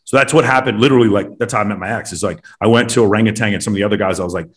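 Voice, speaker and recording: A man's voice: lowish voice, racing, few pauses, a bit bright. A man hosting a casual podcast, talking bluntly and emphatically with lots of swearing. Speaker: host.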